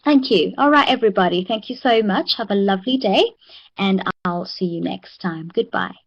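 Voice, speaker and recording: A woman's voice: medium pitch, lo-fi sound. A woman from South Africa with a South African accent, teaching an online English class and praising her students often. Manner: encouraging, drills words slowly.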